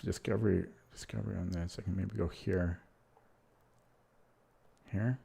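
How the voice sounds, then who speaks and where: Deep, mellow, creaky, and slightly rough, a man's voice moves unhurriedly with fairly even intonation during a live online chess stream. He thinks aloud in a loose, rambling, self-deprecating way, half-muttering his moves.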